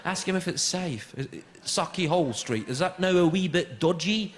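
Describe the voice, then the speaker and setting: A man's voice: high voice, moderate pace, very noisy, lightly acted. A Scottish comedian playing an eager young English man on a stag night, badly copying Scottish slang. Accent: faked Scottish, spoken by an English character. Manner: earnest, trying hard. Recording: echoey hall, loud audience laughter.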